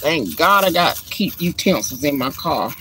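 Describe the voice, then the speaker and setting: Her voice sits low and fairly bright, with lively intonation and a moderate pace, as she hosts a casual live stream from her car. Holding her phone camera, she chats folksily, calls viewers girl and honey, and has slight background noise behind her.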